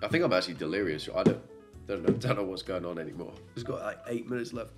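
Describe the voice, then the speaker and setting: A man's voice: low voice, fast, music in the background. A young man hosting a reaction video, making sarcastic jokes and laughing often. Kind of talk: casual commentary.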